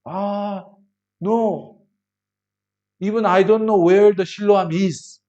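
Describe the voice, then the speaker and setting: A man's voice: high voice, fairly even intonation, slow pace, a little mellow, lo-fi sound, voice pushed up. A preacher voicing a grumbling blind beggar man. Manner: complaining, reluctant.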